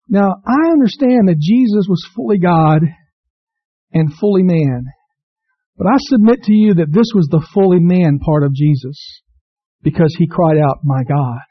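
Male pastor, high voice, impassioned sermon delivery, muffled dry recording. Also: unhurried, dry recording. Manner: impassioned preaching, rising to cries; reads scripture aloud to the congregation.

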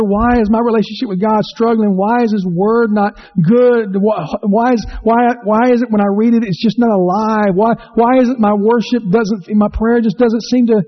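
Here a pastor gives an earnest sermon, repeating himself and asking questions of the congregation. The low-fidelity recording comes across slightly dull.

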